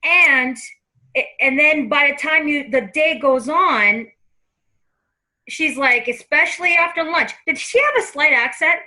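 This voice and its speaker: A woman giving a psychic reading in a lively, laughing conversation. She often slips into quoting the spirit she says is talking to her. Her voice sits high and rings very bright. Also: a little slow, rough recording. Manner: chatty and laughing, acts out the spirit's lines. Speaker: psychic medium.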